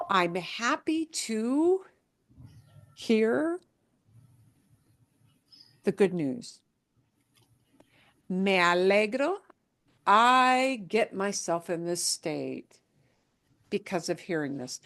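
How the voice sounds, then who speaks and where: A woman's voice: medium pitch, very animated, extremely slow, long pauses, fairly bright tone. A woman teaching a language class, explaining patiently with examples and frequent check-ins. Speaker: Spanish teacher. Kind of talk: class lesson.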